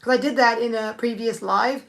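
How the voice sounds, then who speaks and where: A woman's voice: fairly high pitch, steady tone, moderate pace, gravelly. Rambling woman chatting while painting nails. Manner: rambling, thinking aloud with many restarts. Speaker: nail art streamer. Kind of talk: casual live-stream chat.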